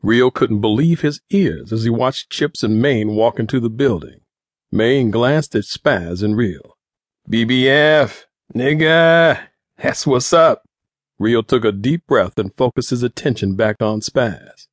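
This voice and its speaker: A man narrating an audiobook in a steady, even storytelling manner. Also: fairly low pitch, a little slow, no echo, studio quality.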